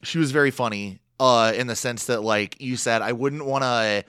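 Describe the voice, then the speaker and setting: A man's voice: medium pitch, normal speed, a bit bright, clear, resonant tone, no echo, clean studio sound. A young man co-hosting a podcast, chatting casually in a rambling way full of fillers and frequent laughs. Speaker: podcast co-host. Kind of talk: casual chat recapping a reality show.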